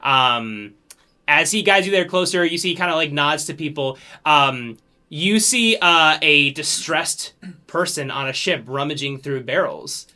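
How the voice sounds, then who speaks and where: A man's voice: a little high, a little slow, bright, forceful tone. A man running a tabletop game as game master, narrating loosely with lots of ums. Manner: loose narration with many fillers.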